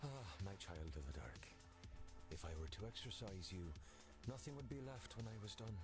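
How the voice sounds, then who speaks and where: Brief: man doing an Irish goth priest, low, swooping sermon voice, game music underneath. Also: animated, lightly acted. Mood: solemn. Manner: grave, sermonizing, drawn-out phrasing. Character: pious, solemn male goth priest. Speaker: game character.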